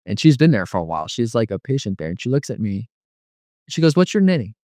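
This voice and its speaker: A man's voice: fairly low pitch, lively intonation, fast, mellow, dry recording. A man giving a personal testimony as an interview guest, rambling and filling his speech with frequent "you know.". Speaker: guest telling his life story.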